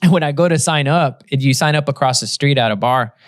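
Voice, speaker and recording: A man's voice: medium pitch, fast, no echo, clean studio sound. A man guest on a podcast, telling a story in loose casual chat with lots of swearing and fillers.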